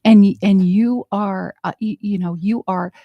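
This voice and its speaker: A woman's voice: mid-range voice, fairly even intonation, unhurried, vocal fry, no echo, dull audio. A woman speaking as a life coach guest in an interview, earnest and full of fillers and restarts. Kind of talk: casual interview chat.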